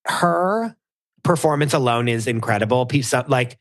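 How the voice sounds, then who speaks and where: A man's voice: medium pitch, normal speed. Gushing man full of fillers. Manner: gushing, filler-heavy, dramatic retelling. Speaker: podcast guest. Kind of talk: casual chat.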